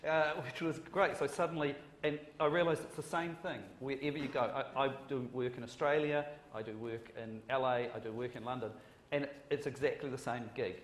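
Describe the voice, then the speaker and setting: A man's voice: medium pitch, a little fast. A New Zealand man speaks on a conference panel, rambling and joking at his own expense, often restarting his sentences. His voice rings around an echoey hall over a faint background hiss. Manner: rambling, joking and self-deprecating, with frequent restarts. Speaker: panelist, screenwriter. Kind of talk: panel discussion.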